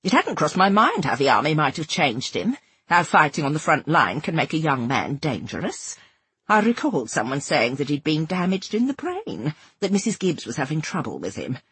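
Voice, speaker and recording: A woman giving an expressive first-person narration of a novel. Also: deep voice, moderate pace, breathy edge, no echo. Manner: expressive, dramatic. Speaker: audiobook narrator.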